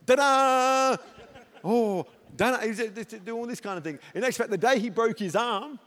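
Lively high-voiced pastor preaching. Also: male voice, a little fast. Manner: animated storyteller, jokes, loud comic peaks. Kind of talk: sermon.

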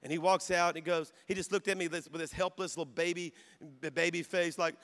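A middle-aged man preaching with a notably high voice, moving from storytelling into loud, emphatic exhortation. He calls out to the congregation. The sound carries the long reverb of a big auditorium. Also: steady tone, fast. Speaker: pastor. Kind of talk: sermon. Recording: long reverb of a large hall.

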